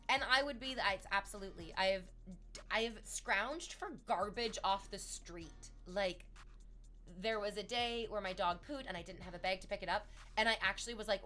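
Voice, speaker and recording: A young adult woman, chatting casually on a stream, rambling and self-deprecating with loud outbursts. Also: mid-range voice, moderate pace, faint music behind.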